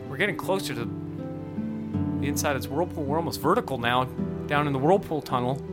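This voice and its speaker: Man, comedy podcast co-host, playful improv, lively pitch, slightly high voice. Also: moderate pace, over loud music. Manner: playful, animated.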